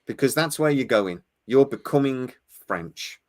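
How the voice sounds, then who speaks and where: A man's voice: medium pitch, expressive, measured pace. A tired man co-hosting a podcast, chatting casually and stammering as he rambles. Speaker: podcast co-host. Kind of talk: casual chat.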